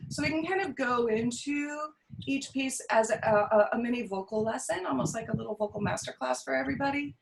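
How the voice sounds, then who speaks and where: A woman's voice: on the high side, brisk, gravelly, slight background noise, low-quality recording. A choir director with a Californian accent explains her teaching on a video call. She talks in a thoughtful way, with many ums and restarts.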